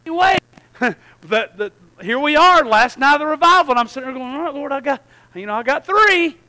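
A man preaching a sermon in a very high, bright voice. He tells his story in an animated way, drops to a near hush and then breaks into shouted prayers. The tone is sharp and forceful. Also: rough recording. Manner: animated, swings from hushed to shouting.

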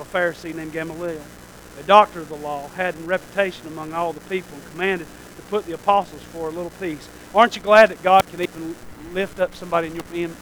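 A man preaching a sermon, with folksy asides, dropping to a hush and then rising to near-shouting. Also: fairly high pitch, slight background noise, low-quality recording.

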